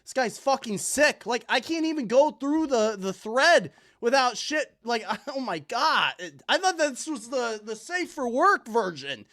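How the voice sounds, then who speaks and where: A man's voice: very high-pitched, very animated, a little slow, hardly any pauses, sharp tone. A man hosting a livestream, giving profane, incredulous commentary as he reacts to online posts. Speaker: livestream host.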